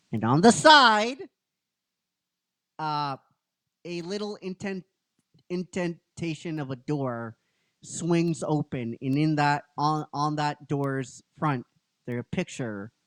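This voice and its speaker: A podcast host who also wrote the episode rambles through a recap of his story in a casual chat, packing it with fillers and repeatedly asking "right?". His voice is fairly high and animated but slow. There's no echo on the recording.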